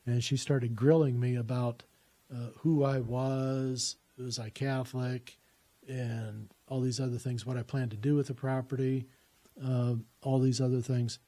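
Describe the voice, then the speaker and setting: A man's voice: mid-range voice, little pitch movement, unhurried, dark tone. A man telling a personal story in a conversational way, recounting what people said to him.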